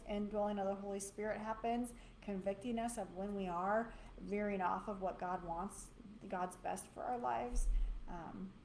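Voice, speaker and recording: Gravelly-voiced woman teaching in an echoey room. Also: medium pitch, darkish tone. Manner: conversational, reflective. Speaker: co-host of a church teaching show. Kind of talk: casual Bible teaching. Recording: echoey room with faint noise.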